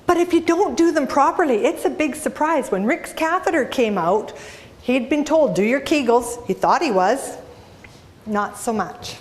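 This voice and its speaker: Lively woman telling stories to an audience. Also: high voice, measured pace. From Canada. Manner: animated storytelling, asks the audience questions. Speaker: inspirational speaker. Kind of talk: humorous keynote talk. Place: speaking to a live audience.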